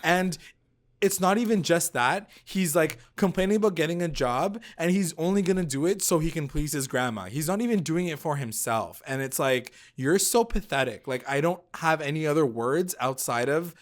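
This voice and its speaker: Animated swearing man recapping a show. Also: on the high side, normal speed. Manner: animated, swears a lot, mimics people in exaggerated voices. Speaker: podcast co-host. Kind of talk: casual recap chat.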